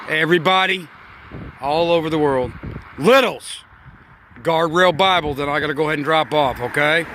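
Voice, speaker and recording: A man's voice: a little high, fairly bright tone, slight background noise. An older man acting as a grandfather, chatting in a folksy, affectionate way and laughing often as he tells a bedtime story.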